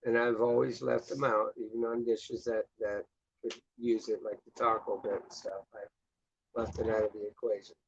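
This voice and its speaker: A man's voice: lowish voice, little pitch movement, moderate pace, gravelly, slightly rough, dry recording. A man hosting a show in casual chat, chatty and crude, swearing freely. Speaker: host. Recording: dull lo-fi dry recording.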